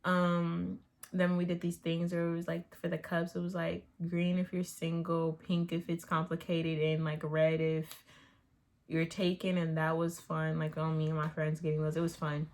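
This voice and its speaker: Chatty young woman with a low voice. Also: monotone, normal speed, a little mellow. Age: young adult. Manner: chatty, rambling, many "like" fillers. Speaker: YouTuber answering Q&A. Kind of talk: casual chat.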